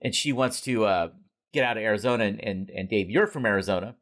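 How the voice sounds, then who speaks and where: A man's voice: lowish voice, fast talker, fairly bright tone. A man hosting a comics podcast, asking questions casually and joking along with his guests. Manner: laughs easily, joking. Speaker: podcast host. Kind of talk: casual interview chat.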